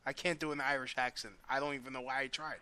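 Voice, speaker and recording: A man's voice: mid-range voice, steady tone, fast, a crowd in the background. A man hosting a casual call-in radio show, loose and self-mocking, swearing freely as he wraps up.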